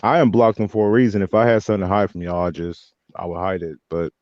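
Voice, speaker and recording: A man's voice: low voice, flat delivery, fast talker, dry recording. A man calling into a chat, dismissive and unbothered. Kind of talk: casual chat. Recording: dull lo-fi call audio.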